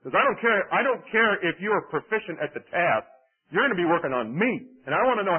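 A man preaching a sermon in an animated, conversational way, with dramatic swings in his delivery. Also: high voice, fast talker, husky. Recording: tinny phone-like radio broadcast.

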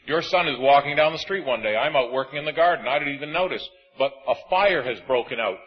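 A man preaching a sermon, emphatic and swinging between loud and hushed. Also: on the high side, husky, dull audio.

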